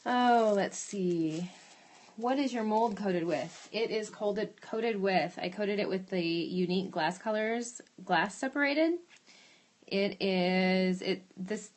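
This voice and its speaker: In her studio on a live stream, a woman demonstrates a glass craft. Her medium-pitched voice is casual as she thinks aloud and answers viewer questions while working.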